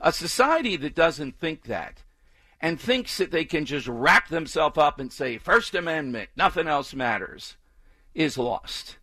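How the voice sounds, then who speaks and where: A man's voice: a little high, very animated, unhurried, pushed and bright. A man hosting a talk radio show, delivering an emphatic, opinionated monologue full of repetition. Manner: emphatic, repetitive, mocking chants with exaggerated inflection.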